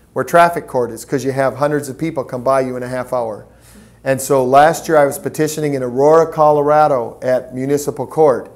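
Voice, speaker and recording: A man giving a training talk to volunteers, telling stories in a preacherly, animated way. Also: medium pitch. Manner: preacherly, storytelling, lively acted quotes. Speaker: pro-life petition trainer.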